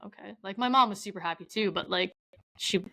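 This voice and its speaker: A woman's voice: medium pitch, a little fast, fairly bright tone, no room sound, poor audio. A young adult woman from Canada, a podcast guest telling stories in casual, rambling chat, full of "like" and quoted asides. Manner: chatty storyteller, heavy use of "like".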